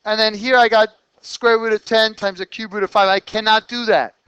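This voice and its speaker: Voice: mid-range voice, fairly even intonation, brisk, a bit bright, smooth, no room sound, highs cut off. A math teacher explaining problems step by step in a classroom lesson, checking in with the students through short questions as the explanation goes on.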